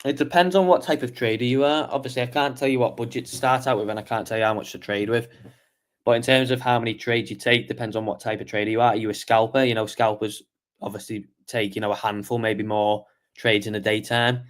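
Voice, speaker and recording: A man's voice: mid-range voice, fairly even intonation, fast. A man hosting a casual market review stream, tired and yawning as he walks through charts and answers chat questions. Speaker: trading show host.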